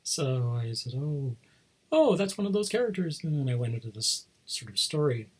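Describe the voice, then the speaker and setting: Husky-voiced guy rambling about his toy figures, laughs a lot, wanders off into side stories. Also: mid-range voice, very animated, normal speed. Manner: rambling, chuckling often, trailing off into asides. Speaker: host showing toy figures. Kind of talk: casual chat.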